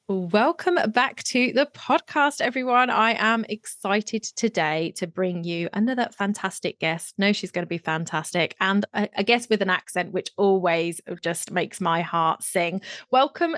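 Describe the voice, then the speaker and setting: A woman's voice: mid-range voice, expressive, unhurried, fairly bright tone, no room sound. An English-accented woman hosts a podcast in a chatty, enthusiastic way. Her voice sits in an ordinary middle register. The recording is close and dry, with no room sound. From England. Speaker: podcast host. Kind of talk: casual interview chat.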